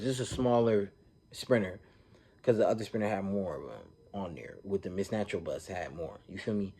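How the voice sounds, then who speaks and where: A man recapping a reality TV episode in a casual, animated, slang-filled way, often checking in with "you feel me". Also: fairly low pitch.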